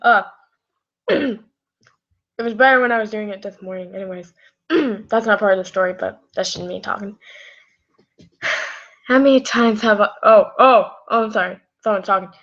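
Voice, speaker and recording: A woman's voice: medium pitch, normal speed, fairly bright tone. A woman casually reading fan fiction aloud on a live stream, rambling and apologizing, tired with a scratchy throat. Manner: giggly, rambling, apologetic asides. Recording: muffled lo-fi audio.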